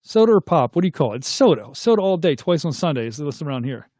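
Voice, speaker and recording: A middle-aged man hosts a casual live chat, reading viewer comments aloud and tossing questions back to his audience. His voice sits fairly high for a man. The sound is close and dry. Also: big pitch swings, fast, a little mellow, dry recording. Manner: chatty, reads comments aloud and asks viewers to weigh in.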